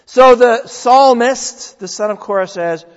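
An older man from New England, a pastor preaching a sermon in a church with folksy, joking, animated delivery. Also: extremely high pitch, a little slow. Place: church sanctuary. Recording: dull sound in a long-echo hall.

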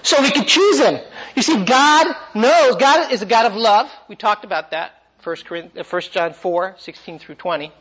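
A man's voice: high-pitched, expressive, normal speed, hardly any pauses, fairly bright tone, muffled recording. A man teaching a Bible class, asking the class questions and driving his points home with energy.

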